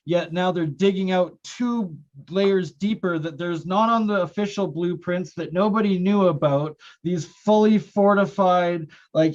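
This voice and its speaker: A man's voice: high voice, darkish tone. A man on a live stream, speaking in a speculative, rambling way with many fillers. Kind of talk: casual live-stream chat. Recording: dull lo-fi call audio.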